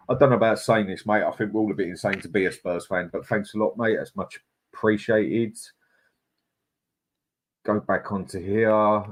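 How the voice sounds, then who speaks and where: A man, co-hosting a live stream and reading viewer comments in a blunt, chatty way. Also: lowish voice. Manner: chatty, blunt and opinionated, with frequent "mate" and laughs. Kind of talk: casual live-stream chat.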